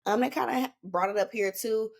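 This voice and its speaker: A woman's voice: on the high side, normal speed, gravelly. A woman, a podcast guest talking in a laid-back, slangy, rambling way. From Northern California. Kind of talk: casual chat.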